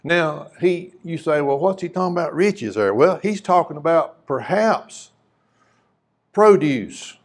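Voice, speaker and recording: A man's voice: fairly high pitch, animated, measured pace. A man preaching a sermon, mixing scripture reading with folksy, conversational questions to the congregation. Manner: reads scripture aloud in old-fashioned wording.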